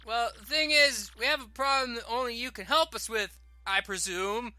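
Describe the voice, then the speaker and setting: A man's voice: extremely high pitch, moderate pace, bright, forceful tone, faint music behind, pitched above the performer's own voice, exaggerated voice. A man voicing a perky young female student adventurer with an upbeat, chirpy delivery. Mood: earnest.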